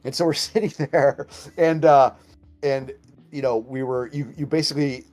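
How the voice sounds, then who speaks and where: A man from Southern California with a Californian accent, telling animated stories full of fillers as a guest in a casual chat. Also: medium pitch, normal speed.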